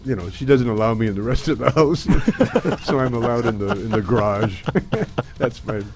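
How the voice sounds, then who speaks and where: A man's voice: medium pitch, normal speed, over music. An older man, a comedian guest on a radio show, telling rambling stories and laughing often in casual chat. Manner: rambling anecdotes broken by frequent laughter. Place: radio studio.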